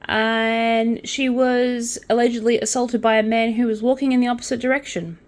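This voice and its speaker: A woman's voice: on the high side, flat delivery, moderate pace. A young woman hosting a casual crochet and true-crime channel, reading news items aloud and adding chatty asides. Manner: chatty, with asides and quiet counting under her breath.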